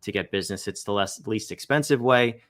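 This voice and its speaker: A man's voice: on the low side, brisk, fairly bright tone. A male podcast host in a casual interview, often restarting and repeating words as he thinks aloud.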